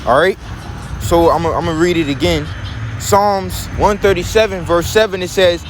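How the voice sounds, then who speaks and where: A man teaching from scripture in a preaching style. He reads verses slowly and then explains them, checking in with "okay?" and "all right?" along the way. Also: high-pitched, a little hiss or hum. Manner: emphatic, preachy.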